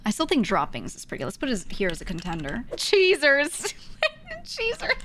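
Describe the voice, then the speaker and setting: A woman's voice: medium pitch, huge pitch swings, fast talker, background noise. A young adult woman streaming, chatting casually and playfully with her viewers and laughing often. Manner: playful, giggly, talks with chat. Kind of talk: casual live-stream chat.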